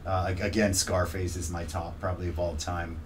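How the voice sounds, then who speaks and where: Male guest, low voice, animated and laughing, faint noise behind. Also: brisk. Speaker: podcaster guest. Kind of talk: casual interview chat.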